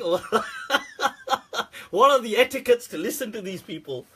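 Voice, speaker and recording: Man, sarcastic casual rant, swears and laughs a lot, high husky voice. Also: expressive, normal speed, long pauses, pushed and bright. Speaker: Islamic scholar answering questions. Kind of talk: casual ranting commentary.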